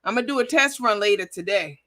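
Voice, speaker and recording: A brash woman hosting a livestream, swearing freely and addressing her viewers directly. Her voice sounds bright and sharp-edged. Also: medium pitch, lively intonation, quick pace, slight background noise. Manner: brash and profane, talks straight to viewers. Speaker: livestream host. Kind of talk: casual livestream chat.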